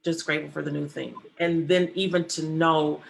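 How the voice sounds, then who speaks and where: A woman hosting an interview over a video call, talking with deep emotion and fighting back tears. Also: level tone, normal speed, gravelly, slight background noise. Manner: tearful, fighting to hold back crying. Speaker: interview host.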